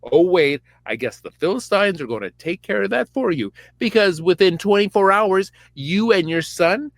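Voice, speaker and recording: A man's voice: a little high, huge pitch swings, a little slow, sharp tone, no room sound, voice pushed up, exaggerated voice. A man doing a sassy scolding old prophet ghost.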